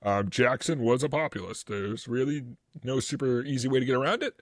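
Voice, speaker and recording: A man co-hosting a casual history podcast, talking in an animated, rambling way with lots of fillers. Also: medium pitch, brisk, no echo, clean studio sound. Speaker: podcast co-host.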